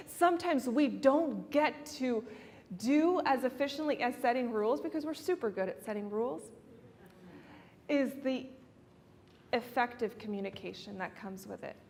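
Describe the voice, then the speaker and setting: A woman's voice: sits high, a little mellow. A woman counselor giving an earnest, persuasive talk to a live audience, laughing often as she makes her points. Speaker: family counselor speaking at a conference. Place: event venue before an audience. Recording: long reverb in a large hall.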